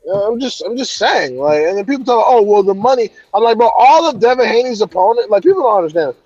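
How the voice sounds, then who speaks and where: A man's voice: high voice, very animated, fast talker, a little mellow, dry recording, lo-fi sound. A man ranting heatedly about boxing in a casual chat, cursing often. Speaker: boxing commentator.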